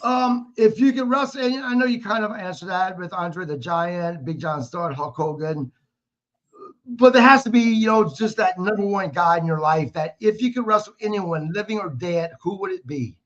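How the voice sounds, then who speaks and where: A man hosting a podcast, asking his guest questions in a halting way full of restarts. His voice sits fairly high. The audio is a little dull and lo-fi. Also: a bit bright. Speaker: podcast host. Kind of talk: casual interview questions.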